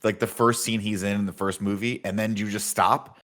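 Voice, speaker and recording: A man's voice: on the low side, fairly quick. A man co-hosting a podcast, talking about a movie with enthusiasm, swearing and acting out lines. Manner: animated, enthusiastic, profane, acts out movie lines. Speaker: podcast co-host. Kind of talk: casual movie review chat.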